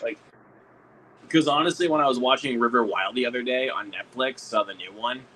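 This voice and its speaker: Excitable guy chatting on a livestream, crisp bright tone, lots of cussing. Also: medium pitch, a little fast, slight background noise, poor audio. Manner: excitable, swears a lot, laughs often. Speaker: streamer. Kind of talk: casual livestream chat.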